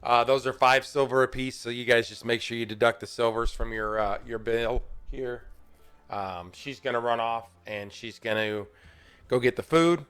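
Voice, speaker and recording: A man's voice: mid-range voice, steady tone, moderate pace, a bit bright, clean tone, faint music behind. A man narrating and voicing characters as game master of an online tabletop game, casual and swearing now and then. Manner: casual, swears, laughs easily. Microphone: computer mic on a voice call.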